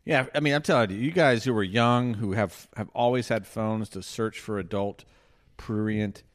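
A middle-aged man from the United States talks in a casual podcast chat. His voice sits low, and he stumbles through restarts and fillers as he searches for words. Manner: halting, many restarts and fillers. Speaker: podcast co-host.

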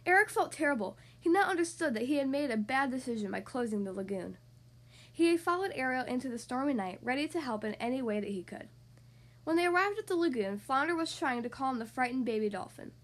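A woman hosting a podcast and reading a picture book aloud for young children, with expressive storytelling. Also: high voice, brisk. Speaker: podcast host and reader.

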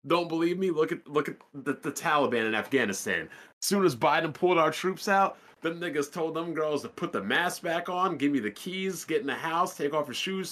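A man's voice: a little high, fairly bright tone. A man, co-hosting a casual podcast and telling a blunt, profane story. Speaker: podcast co-host.

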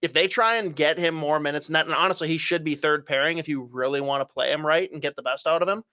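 Young man, bright tense voice, dry close sound, opinionated casual hockey talk, swears freely. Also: on the high side, fast talker, no echo. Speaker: hockey podcast co-host. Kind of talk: casual sports chat.

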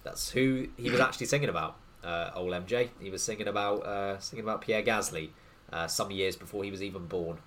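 A man with a fairly low voice hosts a relaxed sports podcast. He chats loosely, sprinkling in ums and you-knows as he steers the talk from topic to topic. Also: a little fast, a little hiss or hum. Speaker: podcast co-host leading the segments. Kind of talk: casual sports podcast chat.

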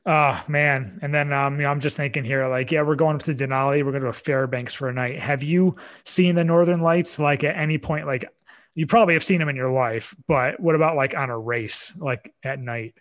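A man hosting a podcast, asking questions in an eager, chatty way, quick to say how awesome things are. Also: on the high side, steady tone. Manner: enthusiastic, full of "like" and "awesome". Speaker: podcast host. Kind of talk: casual interview chat.

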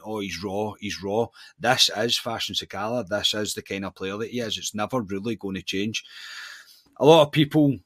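A Scottish man co-hosting a casual football podcast, his voice sitting fairly low. He gives his views firmly and keeps restarting mid-sentence. The sound is dry and close, with no room around it. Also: a bit bright, no echo. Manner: opinionated, with restarts. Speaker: podcast co-host.

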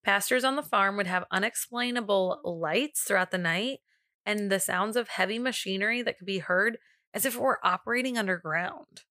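Bright-voiced woman co-hosting a chatty podcast. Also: medium pitch, moderate pace, no room sound, clean studio sound. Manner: chatty, retells events loosely with many "like" fillers. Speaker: podcast co-host. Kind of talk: casual chat and storytelling.

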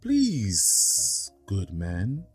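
A man voicing a slow sly snake. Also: on the low side, huge pitch swings, darkish tone, slightly rough, faint music behind, full character voice. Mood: pleading. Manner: slow drawn-out hissing pleas. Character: sly pleading snake, menacing and drawn-out. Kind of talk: storytelling podcast.

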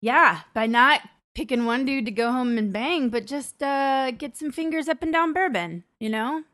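A woman's voice: high voice, moderate pace, a bit bright. A young woman co-hosting a podcast with dry, joking banter in casual chat. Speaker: podcast co-host.

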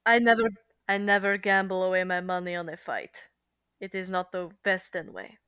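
Female player, expressive and bright, close dry sound. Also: on the low side, moderate pace, clean tone, no room sound. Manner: lively, expressive. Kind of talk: casual chat during a tabletop game.

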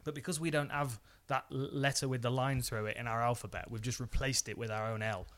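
A man's voice: mid-range voice, fairly even intonation, fairly quick, fairly bright tone. Easygoing man, podcast co-host. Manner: easygoing, agreeable, laughs along. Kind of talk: casual podcast chat.

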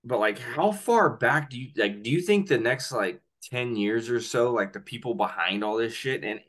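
A man's voice: mid-range voice, moderate pace. A man hosting a podcast in casual chat, swearing freely and telling stories animatedly. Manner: profane, animated storyteller. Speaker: podcast host.

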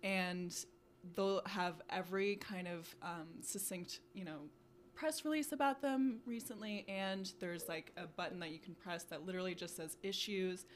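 A young woman with a slightly low voice chats casually as a podcast co-host. Her talk is full of fillers and quick asides, and faint noise hums behind her. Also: fairly even intonation. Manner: chatty, many fillers like "you know" and "like". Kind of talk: casual chat.

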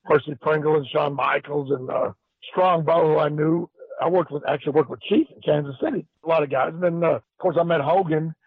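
A man's voice: a little high, brisk, slightly rough, no echo. An older man with a Southern accent telling rambling wrestling stories in a casual chat. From Pennsylvania, West Virginia border. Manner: rambling anecdotes with acted-out quotes. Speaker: guest, former wrestling manager. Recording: tinny phone line.

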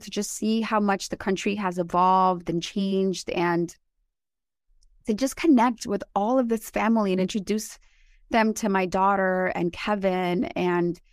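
A woman in her forties, born in Colombia, telling animated and emotional stories as a podcast co-host. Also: mid-range voice, no echo, studio quality. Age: 40s. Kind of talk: casual chat.

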